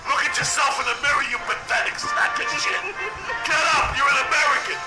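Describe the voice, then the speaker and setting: A man's voice: very high-pitched, steady tone, brisk, poor audio. A man delivering an angry, profane motivational rant in a played clip, with patriotic music behind him. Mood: furious.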